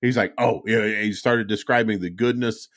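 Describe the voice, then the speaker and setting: A man's voice: lowish voice, fairly even intonation, normal speed, fairly bright tone. A middle-aged man hosts a casual podcast chat. He rambles through stories, swears often and restarts his sentences as he goes. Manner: profane, rambling storyteller with frequent restarts. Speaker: podcast host.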